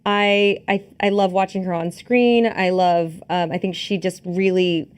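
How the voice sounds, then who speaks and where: A woman's voice: fairly low pitch, fairly even intonation, measured pace, smooth. Chatty female podcast co-host. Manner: hesitant, laughs often, many fillers. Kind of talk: casual movie review chat.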